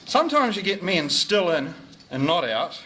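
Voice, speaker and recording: At a club lunch, the club sergeant, a middle-aged New Zealand man, collects fines with a jovial, teasing after-dinner speech in the dining room. His high-pitched voice is very animated and a bit bright, moving at a moderate pace, with slight background noise.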